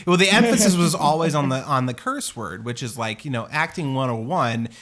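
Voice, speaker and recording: A man hosting a casual movie review chat, animated and crude, with lots of fillers. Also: mid-range voice, a little fast, crowd noise.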